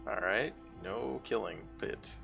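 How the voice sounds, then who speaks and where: A man's voice: fairly low pitch, takes it slowly, creaky, highs cut off, over music. A man streaming a video game, reading its narration aloud and wryly commenting on it. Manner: wry, reads vivid game narration and reacts casually.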